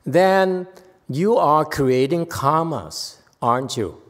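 A man's voice: fairly high pitch, lively intonation, slow pace, long reverb tail. A man giving a spiritual teaching to a congregation, playful and full of rhetorical questions and repeated phrases. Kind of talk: dharma talk to a congregation.

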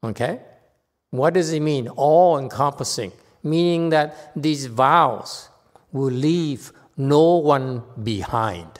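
A man's voice: on the high side, takes it slowly, big-room sound. A man teaching a sutra class as a Buddhist teacher, playful and laughing often between points.

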